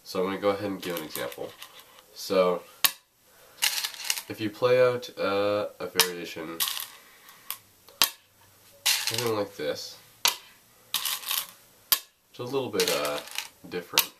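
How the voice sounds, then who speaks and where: A man's voice: low voice, animated, a little slow, pauses often, distant mic. A young man giving a casual spoken lesson on a board game, hesitant, with many ums and uhs. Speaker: Go teacher. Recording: faint noise, voice a bit off-mic.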